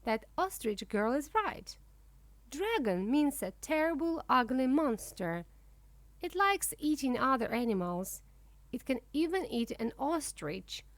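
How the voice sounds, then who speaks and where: A woman reading a children's storybook aloud, voicing a wise, gentle mother ostrich who talks calmly and explains things. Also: high-pitched, measured pace, dry recording.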